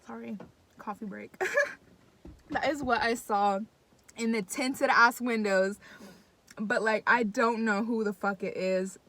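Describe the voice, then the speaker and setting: A young woman tells a story straight to her viewers with a voice that sits a little on the high side. Her casual chat is excitable and full of swearing, and she keeps speaking directly to the audience. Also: slow, pauses often. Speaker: vlogger.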